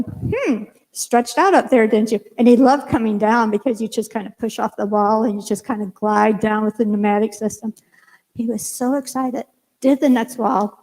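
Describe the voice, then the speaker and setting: An older woman minister preaching a sermon, telling a lively personal story and acting out her own lines in a church sanctuary. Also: on the high side. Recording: long hall reverb.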